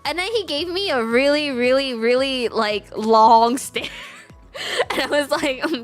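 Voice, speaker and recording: Giggly high-voiced woman streamer. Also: a little slow, soft background music. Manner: giggly, animated storytelling. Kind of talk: casual gaming stream chat.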